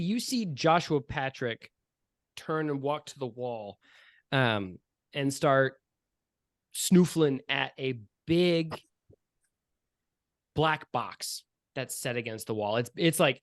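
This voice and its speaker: A man's voice: medium pitch, animated, a little slow, dry recording. A man narrating a tabletop game as game master, descriptive and loose, with many fillers. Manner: descriptive, with frequent "um" and "like".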